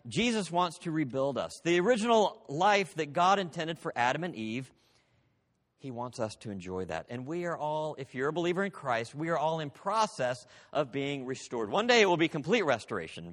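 Man, pastor, sermon, emphatic, slightly high voice, long church reverb. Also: a bit bright. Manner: emphatic preaching with dramatic drops in voice.

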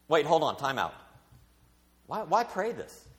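A middle-aged man preaches a sermon with a slightly high, lively voice that rises and falls dramatically. He swings between loud emphasis and quiet asides. The sound rings with the long reverb of a church hall. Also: moderate pace, long pauses. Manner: expressive preaching with big swings in pitch and volume. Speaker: pastor.

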